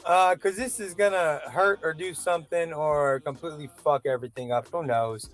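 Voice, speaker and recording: A man's voice: on the high side, brisk, fairly bright tone, no echo, soft background music. A man vlogging a casual opinion rant, rambling and profane, with frequent self-doubting asides.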